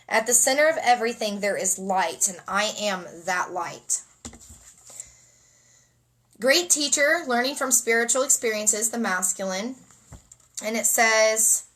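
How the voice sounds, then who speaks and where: A woman's voice: a little high, measured pace, a bit bright, low-quality recording. A woman giving a spontaneous spiritual card reading, dreamy and emotional, often repeating phrases. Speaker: oracle card reader and energy healer.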